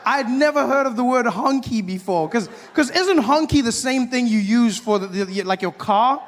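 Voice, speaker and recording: Animated stand-up comedian, high voice. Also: male voice, normal speed, long reverb tail. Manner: animated, acts out voices and shouts. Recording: live stage with faint audience noise.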